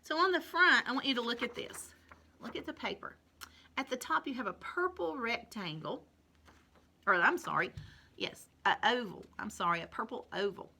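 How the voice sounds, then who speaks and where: A woman teaching a kindergarten phonics lesson, patient and encouraging, drawing out each sound slowly and clearly. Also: on the high side, bright, forceful tone. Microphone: recorded alone at home for distance learning.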